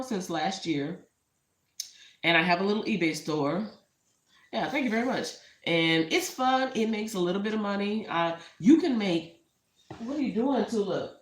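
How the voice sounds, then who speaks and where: A woman with a Texan accent chatting casually and rambling to live viewers about her small online business, speaking into a tablet on a shelf at home. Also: fairly low pitch. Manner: chatty, rambling, talks to viewers and her cat between thoughts. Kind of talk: casual live-stream chat. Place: home room. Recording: echoey room on a tablet mic.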